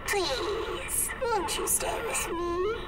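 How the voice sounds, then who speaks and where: A woman voicing an eerie, clingy female spirit who pleads slowly and breathily. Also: very high-pitched, animated, heavily acted. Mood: pleading. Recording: distant, very noisy game audio.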